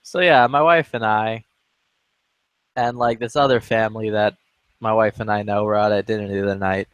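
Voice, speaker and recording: A man's voice: fairly low pitch, steady tone, moderate pace, smooth, no room sound. A man chatting casually in a game lobby, telling a rambling story with lots of swearing and acted-out quotes. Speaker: gaming streamer.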